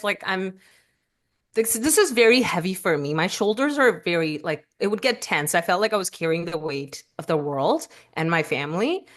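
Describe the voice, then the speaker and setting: A woman's voice: mid-range voice, expressive, a bit bright. Emotional woman telling her story. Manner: halting, with fillers and restarts, voice rising in quoted self-talk. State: tearful at times. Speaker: podcast guest.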